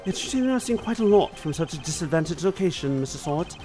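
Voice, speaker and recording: A man reading a cool and calculating prosecutor, lower and softer than his usual voice, who lays out each point in a measured way. Even when he lets his pitch move, his delivery stays steady and confident. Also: slight background noise, lightly acted. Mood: coolly probing. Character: cool, calculating male prosecutor pressing a witness.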